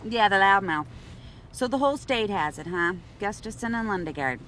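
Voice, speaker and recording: An actress playing an earnest small-town police officer with a Minnesota accent, talking politely over a radio. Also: female voice, medium pitch, lively intonation, normal speed, natural voice. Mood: chirpy. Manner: chirpy, polite radio talk. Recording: loud vehicle noise in a film scene.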